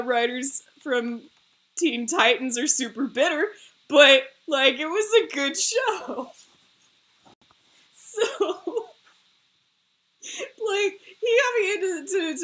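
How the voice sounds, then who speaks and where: A woman's voice: high-pitched, a bit bright. A young woman streamer rambling in casual chat while she draws on a live stream, self-mocking, swearing and laughing often.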